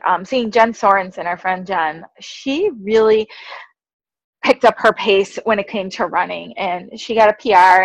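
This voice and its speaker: A woman's voice: mid-range voice, no echo, low-quality recording. A woman co-hosting a podcast in casual chat, laughing often and quoting her own thoughts as she talks. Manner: chatty, laughs often, quotes herself. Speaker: podcast co-host.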